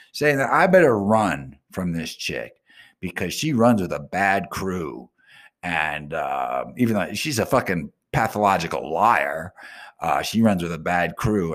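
Host, middle-aged man, low voice that swings wide, brash and profane, ranting monologue. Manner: brash, swearing, animated rants. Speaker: radio show host.

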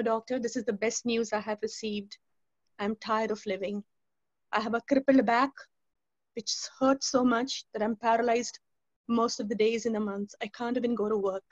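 Woman, fairly high voice, storytelling testimony, dry muffled lo-fi sound. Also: darkish tone, no room sound. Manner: storytelling, acting out quoted dialogue. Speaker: speaker giving a personal testimony. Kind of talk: spoken testimony to a youth webinar.

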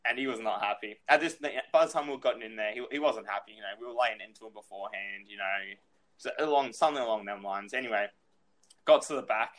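A man's voice: fairly low pitch, fast, a bit bright. A man telling a rambling story in casual chat, swearing freely and filling with "you know".

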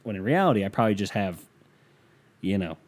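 A man's voice: fairly low pitch, expressive, a little fast. A young man rambling through a joking, self-mocking casual rant as a vlogger.

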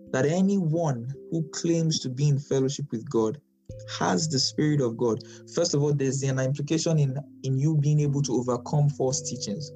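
A man leads a Bible study, stressing his points and saying key lines twice. His voice is mellow and relaxed, of middle pitch. Soft instrumental music plays faintly underneath. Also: poor audio. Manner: emphatic, repeats phrases, light laughs.

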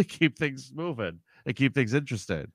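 Playful guy riffing on a comedy podcast, bouncy up-and-down voice, middle pitch. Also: big pitch swings, no room sound. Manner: playful, quick to joke and riff. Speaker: podcast co-host. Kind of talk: casual comedic chat.

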